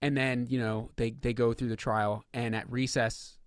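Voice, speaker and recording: A man's voice: mid-range voice, flat delivery, normal speed, clear, resonant tone, no echo, studio quality. A man co-hosting a podcast, chatting casually about sports, emphatic and full of swearing, often acting out what others said. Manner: profane, emphatic, acts out quotes. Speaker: podcast co-host.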